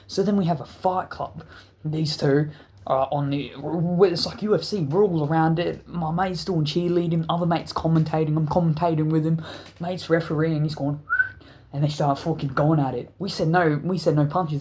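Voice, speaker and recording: Rambling, profane storyteller. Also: male voice, fairly high pitch, steady tone, moderate pace, a little mellow, slight background noise. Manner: rambling, profane, laughing storyteller with frequent restarts. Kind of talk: casual story narration.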